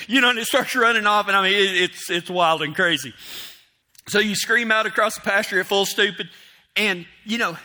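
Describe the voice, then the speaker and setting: Man, higher-pitched, very bright tone; rambling self-mocking storyteller who plays out his own inner voice. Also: moderate pace. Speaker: storyteller speaking to an audience. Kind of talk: casual storytelling.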